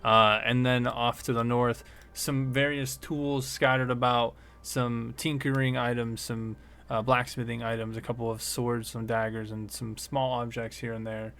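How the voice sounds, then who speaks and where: A man with a mid-pitched, fairly bright voice acts as game master for a tabletop game. His scene descriptions come out in a halting way, packed with fillers.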